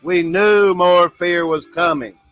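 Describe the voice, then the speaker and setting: A man's voice: high voice, takes it slowly, fairly bright tone, no room sound, soft background music. A man hosting a casual livestream, talking to viewers in a drawl, laughing often. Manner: drawling, laughs often, keeps saying "y'all". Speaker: livestream host.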